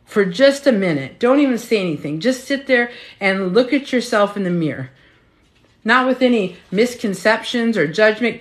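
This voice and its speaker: A woman's voice: mid-range voice, expressive, moderate pace. Middle-aged woman, live coach, punchy and repetitive, casual swearing. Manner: emphatic, repetitive, chatty, swears freely. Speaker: health and weight-loss coach. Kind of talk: motivational live stream talk.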